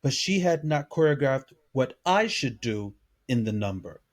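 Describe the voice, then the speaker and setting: A man co-hosting a podcast, telling a personal story in casual chat and acting out what others said. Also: unhurried. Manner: animated, acts out quoted voices with pitch jumps. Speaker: podcast co-host.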